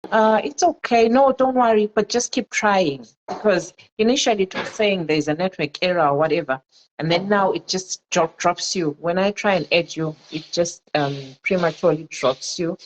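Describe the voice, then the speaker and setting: A woman's voice: on the low side, moderate pace, a little hiss or hum, rough recording. A woman hosting a casual Facebook live chat on her phone, earnest and repeating her phrases, slipping in Zulu words. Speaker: livestream host.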